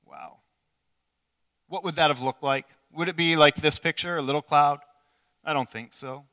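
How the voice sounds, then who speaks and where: A man preaching a sermon in an earnest way, asking the listeners questions and swinging between loud passages and hushed ones. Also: a little high, normal speed. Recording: long hall reverb.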